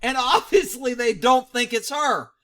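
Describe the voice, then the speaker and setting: A man's voice: very high-pitched, expressive, unhurried, a bit bright. A middle-aged man commenting on a video clip, mocking it and laughing constantly between phrases. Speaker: vlog host.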